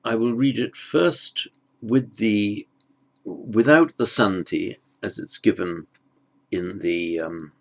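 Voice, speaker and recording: Guy teaching online, talks real slow, low creaky voice, stops to fix himself. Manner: slow, careful explanation with self-corrections. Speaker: Sanskrit teacher. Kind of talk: online lesson explaining grammar.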